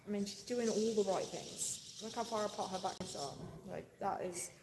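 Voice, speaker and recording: A woman's voice: mid-range voice, moderate pace, hardly any pauses, noisy background. A young woman farmer chatting casually on a livestream, affectionate and apologetic toward viewers, recorded on a phone camera in a barn. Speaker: farmer livestreaming a calving watch. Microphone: phone camera on a tripod. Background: birds and animal sounds.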